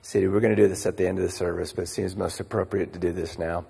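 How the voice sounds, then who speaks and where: A man's voice: deep voice, little pitch movement, fast talker, vocal fry, dark tone, a little hiss or hum. A male pastor giving a casual, conversational sermon in a church sanctuary. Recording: long reverb of a large hall.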